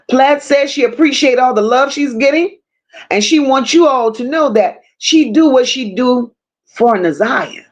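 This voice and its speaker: A woman's voice: sits high, lively intonation, measured pace. A woman hosting a livestream, casually greeting viewers by name and reading their comments, affectionate slang and frequent swearing. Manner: reads chat names aloud, affectionate slang and swearing. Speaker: livestream host.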